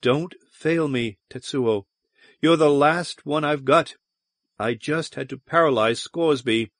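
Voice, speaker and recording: A man voicing a firm, steady woman starship captain who talks briskly. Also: fairly high pitch, no echo, pitched above the performer's own voice. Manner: brisk and commanding.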